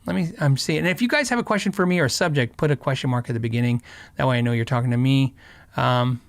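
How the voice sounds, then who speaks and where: Talking fast in a mid-range voice with no room sound, the middle-aged host from Arizona chats casually on his livestream. He rambles and tells stories, often laughing and filling his speech with fillers and restarts.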